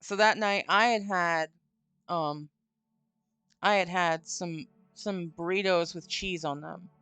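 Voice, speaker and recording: A woman's voice: lowish voice, steady tone, slow, fairly bright tone, clear, resonant tone, no room sound. A woman hosting a live stream, chatting casually and telling a long, rambling story with some swearing. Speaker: streamer host. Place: home stream room. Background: faint spooky music.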